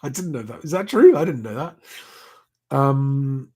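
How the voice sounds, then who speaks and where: A middle-aged man with a husky, slightly breathy voice talks in a casual live stream. He rambles and often restarts sentences, with plenty of ums. He speaks at a middle pitch from a home setup. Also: expressive, slow, a little mellow. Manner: rambling with many fillers and restarts. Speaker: livestream host reading chat comments.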